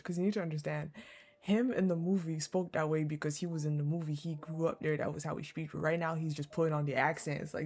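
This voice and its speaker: A woman streamer reading game dialogue aloud and reacting, animated and swearing freely as she rants to viewers. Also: low voice, quick pace. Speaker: gaming streamer. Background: faint game music.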